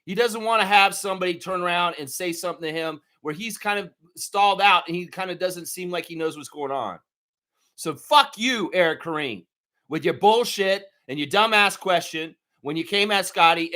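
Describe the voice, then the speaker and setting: A man's voice: high-pitched, bright, forceful tone. A man hosting a live fan preview show, talking in a heated, profane ranting way. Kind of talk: live sports preview chat.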